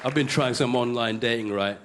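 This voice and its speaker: A male stand-up comedian, hosting a comedy show with quick, cheeky punchlines before a live audience. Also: mid-range voice, heavy background noise. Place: studio comedy stage with audience. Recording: live stage with loud crowd.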